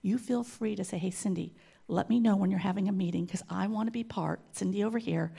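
A middle-aged woman leading a children's ministry, giving a church testimony and appeal with animated storytelling and acted-out quotes. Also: mid-range voice, quick pace, vocal fry, husky. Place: church sanctuary.

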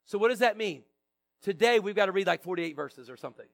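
A man's voice: high voice, expressive, fast talker, gravelly, a bit bright. A male pastor reads a long psalm aloud to his church, breaking in with casual, joking asides to the congregation. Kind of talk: sermon with scripture reading. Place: church sanctuary.

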